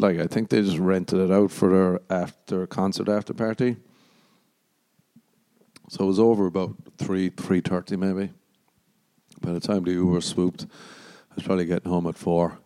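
A young Irish man hosting a podcast, telling a rambling story casually and jumping into high voices when he quotes himself. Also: dark tone. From Ireland. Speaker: podcast host.

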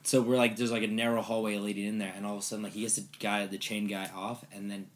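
Man, casual storyteller, animated, swears freely, does quick high-pitched impressions of others. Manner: animated, swearing, acts out quotes in high voices. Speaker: storyteller recounting an escape room. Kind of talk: casual chat.

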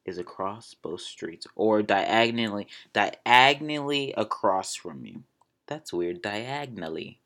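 A man's voice: on the low side, lively intonation, unhurried, fairly bright tone. A man from Maryland hosting his podcast, chatting casually and self-amused as he drifts off on tangents. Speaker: podcast host. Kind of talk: casual solo podcast chat.

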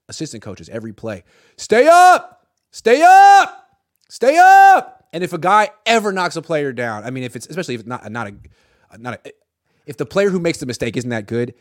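A young man co-hosting a sports podcast, talking casually and animatedly, cursing and shouting impressions of a coach. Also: mid-range voice, no echo, clean studio sound.

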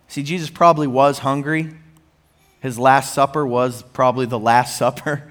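Animated male preacher, fairly high voice. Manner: animated preaching with rising emphasis; conversational asides to the congregation. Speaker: pastor. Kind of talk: sermon.

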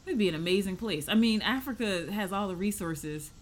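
A woman's voice: mid-range voice, lively intonation, fairly quick, slight background noise. A woman co-hosting a podcast in casual chat, laughing often while giving earnest opinions. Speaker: podcast co-host.

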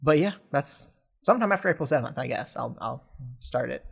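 A man's voice: mid-range voice, animated, brisk, vocal fry, husky. A young man co-hosting a casual podcast chat, laughing easily and sounding exasperated and incredulous. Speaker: podcast co-host.

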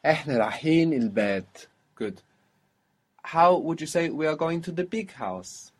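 A patient male language teacher, guiding a student one phrase at a time. His voice is husky and a little breathy, and he explains sounds slowly and carefully. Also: a little high, animated. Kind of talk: spoken language lesson.

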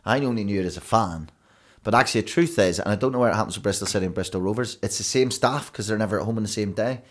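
A Northern Irish man, a broadcaster guest, telling anecdotes in a lively podcast conversation with quick asides. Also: lowish voice. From Northern Ireland.

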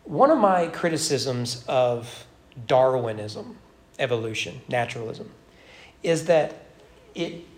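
Man preaching in an echoey church. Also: a little high. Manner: preaching with emphatic rhetorical questions. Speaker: pastor. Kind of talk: sermon. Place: church sanctuary.

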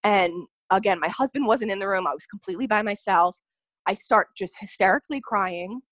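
A woman's voice: medium pitch, fairly quick, fairly bright tone, dry recording. A young adult woman telling a personal story as a podcast guest, earnest and full of "like" and "you know". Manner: earnest, filler-heavy telling, often says "like" and "you know".

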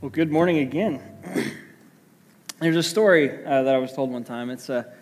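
A man's voice: mid-range voice, unhurried. A man preaching a sermon as pastor in a conversational way, with many fillers. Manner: conversational, with many fillers; hushed when praying. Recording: long hall reverb.

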